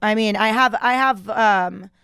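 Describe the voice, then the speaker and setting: A woman's voice: medium pitch, measured pace, vocal fry, fairly bright tone, clear, resonant tone, no room sound, clean studio sound. A woman in casual comedic chat on a podcast, blunt and profane, laughing often. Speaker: podcast guest. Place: podcast studio.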